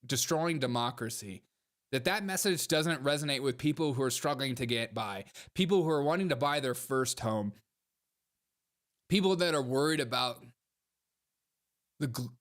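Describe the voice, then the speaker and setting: A man's voice: medium pitch, unhurried. Sarcastic male livestream host. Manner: sarcastic, mocking, animated. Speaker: host reacting to comments and clips. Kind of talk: casual livestream commentary.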